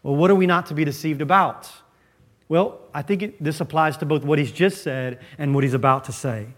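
Male pastor, slightly raised pitch; emphatic sermon delivery, dramatic pauses, dips to near-whisper. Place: church.

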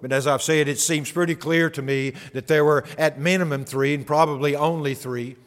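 A man's voice: on the high side, steady tone, moderate pace. Earnest male preacher in a reverberant hall. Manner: earnest, emphatic, repeats key phrases. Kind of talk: expository sermon.

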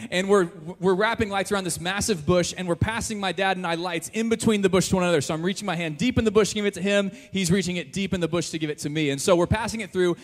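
Young youth pastor, high voice, jokey storyteller, long echo in a big church. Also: male voice. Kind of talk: sermon with personal story. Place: large church hall. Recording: reverberant church hall.

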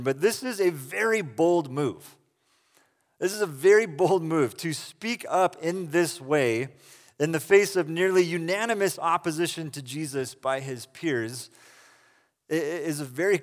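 A man delivering a sermon in a relaxed, chatty way, slipping into lively voices as he retells the story. His voice sits a little high for a man, and it rings with the long reverb of a large hall. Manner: conversational, animated retelling with casual asides. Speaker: pastor.

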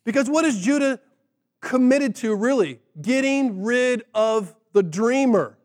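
Pastor, male, high voice, casual animated sermon delivery. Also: a little slow, long reverb tail. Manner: conversational, animated retelling with acted quotes.

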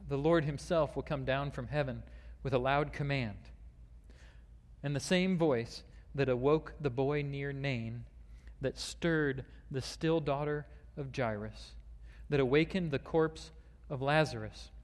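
A man delivers a sermon in a middle-pitched voice, stumbling over fillers and restarts as he works into a long reading. His voice rings with the long reverb of a large sanctuary. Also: measured pace. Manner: reads a long quoted passage aloud, with fillers and restarts. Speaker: pastor.

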